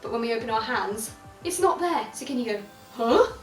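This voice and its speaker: A young British woman with a fairly high voice leads a drama warm-up, upbeat and instructive. She sits back from the mic in an echoey room. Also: expressive, a little fast, distant mic, faint music behind. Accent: British English. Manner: upbeat, instructive, playful vocal sounds. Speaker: drama teacher. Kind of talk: guided warm-up lesson.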